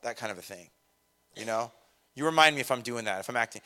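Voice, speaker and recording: A man's voice: mid-range voice, quick pace, pauses often. A conversational preacher, a man in mid-life. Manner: conversational, lively preaching with self-deprecating asides. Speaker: pastor. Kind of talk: sermon.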